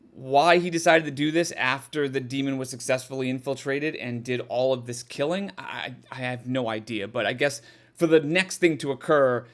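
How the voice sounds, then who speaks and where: A man giving a casual, sarcastic spoken review of a horror film, swearing freely and sounding exasperated. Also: mid-range voice.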